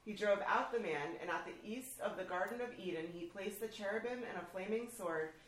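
Lady reading bible passages, steady and even, echoey room, sounds far off from the mic. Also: medium pitch, fairly quick. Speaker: scripture reader. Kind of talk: reading scripture aloud. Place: large room at a church breakfast. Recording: echoey room from far off, faint background noise.

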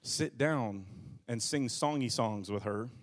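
A man in his thirties, a pastor preaching a lively sermon, dropping to a hush and then shouting as he acts out everyday scenes. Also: mid-range voice, slow pace. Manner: animated preaching, shifting from hushed to shouted, acts out quotes.

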